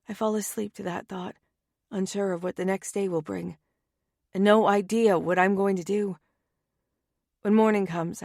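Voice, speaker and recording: A woman narrating a first-person romance audiobook in a wry, anxious and often hushed manner, on a close studio mic. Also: mid-range voice, dry recording.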